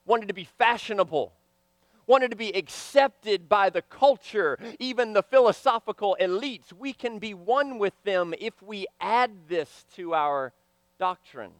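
A man preaching a sermon, swinging from loud emphatic lines to hushed, quiet ones. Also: sits high, lively intonation, unhurried, no echo.

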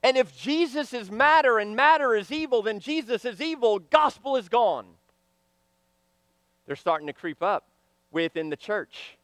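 A man preaching a sermon, swinging from loud emphatic lines to hushed, quiet ones. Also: high voice, expressive, normal speed, dry recording.

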